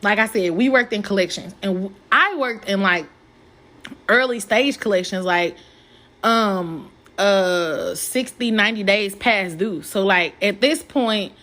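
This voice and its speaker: Woman podcast host, casual storytelling, slangy and profane, animated, mid-pitched. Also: a little slow.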